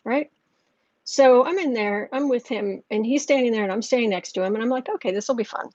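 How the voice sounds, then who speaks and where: Here a woman with a voice on the high side talks briskly through a tarot reading, loose and chatty, often starting over. She sounds a little mellow, and the recording is dry and lo-fi.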